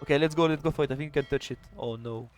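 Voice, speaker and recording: A man casting a live strategy game match, chatty and excitable, with quick restarts. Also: a little high, soft background music. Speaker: esports caster and streamer. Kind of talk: live video game commentary.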